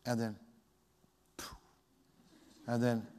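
A man preaching a sermon as a pastor, loud and emphatic, in a plain conversational way. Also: mid-range voice, level tone, very slow, big-room sound.

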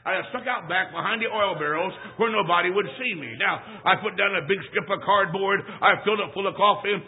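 A man's voice: high-pitched, a little fast. A man preaching a sermon as a traveling evangelist, telling a funny boyhood story in a folksy, emphatic way with punchy repetition. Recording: thin phone-like sound.

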